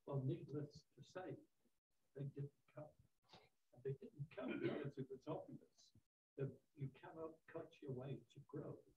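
A man's voice: fairly high pitch, steady tone, a little slow. A man in the audience making a pointed, argumentative comment from the floor. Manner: opinionated, argumentative. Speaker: audience member. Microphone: far from the mic. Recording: distant, roomy, dull with faint hiss.

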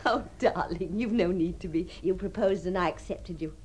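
A lonely deluded genteel spinster. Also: female voice, lowish voice, normal speed. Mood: confused, insistent. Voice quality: refined, swings between breathy tenderness and giddy excitement. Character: deluded lonely upper-class spinster dreaming of marriage. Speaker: the Princess. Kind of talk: radio drama acting.

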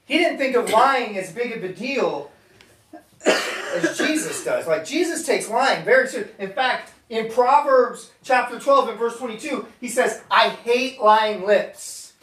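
A man's voice: very high-pitched, expressive, unhurried, a bit bright, roomy sound. Guy preaching to a room, casual but emphatic, sounds far off the mic. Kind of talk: sermon. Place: meeting room with an audience.

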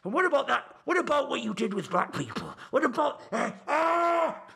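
A man putting on the voice of an unhinged male esports fan who rants and yells in a frantic, shrill way. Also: big pitch swings, normal speed, gravelly, slightly rough, full character voice. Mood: ranting.

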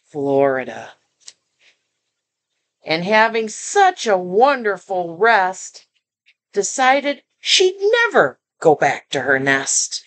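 An older woman, working as a storyteller, reads a children's picture book aloud with lots of expression, frequently pausing to comment and put questions to the child listening. Her voice is medium in pitch, and she reads slowly with long pauses.

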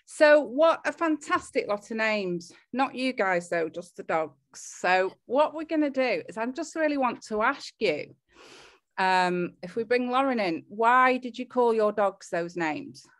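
A woman's voice: on the high side, animated, a little slow. An English woman hosting a casual chat show, chatty and hesitant with fillers. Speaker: host.

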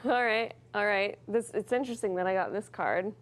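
A woman's voice: mid-range voice, fairly quick. A woman chatting playfully during a party game. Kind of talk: casual chat.

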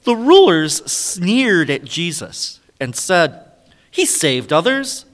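A man, a priest, reading the gospel slowly and solemnly at Mass. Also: high voice, big pitch swings. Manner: slow, solemn liturgical reading. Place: large church. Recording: long church reverb.

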